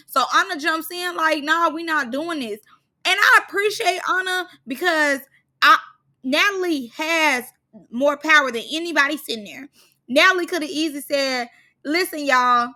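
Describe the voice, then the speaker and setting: A young woman talks through a reality show episode in a sassy, animated recap, full of slang and sudden loud bursts. Her voice sits high and bright. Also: moderate pace.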